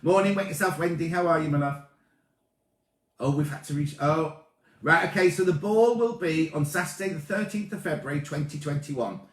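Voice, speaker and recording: A man in his late thirties hosting a casual sewing livestream, chatting excitably and greeting viewers by name as he reads their comments. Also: on the high side, normal speed. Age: 30s. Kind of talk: casual live-stream chat reading comments. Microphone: tablet or camera mic. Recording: echoey room.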